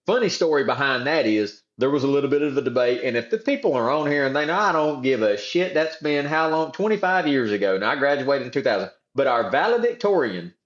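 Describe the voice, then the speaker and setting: A man's voice: mid-range voice, very animated, brisk, hardly any pauses, echoey room, highs cut off. A man in his forties with a South Georgia Southern accent, telling folksy stories as a podcast guest in casual chat. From South Georgia, USA. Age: 40s. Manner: folksy storytelling, drawling slang.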